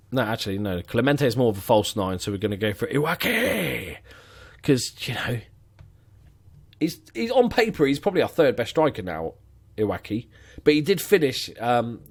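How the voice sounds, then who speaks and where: A man giving sarcastic, muttering commentary while playing a football management game. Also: lowish voice. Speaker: gaming commentator.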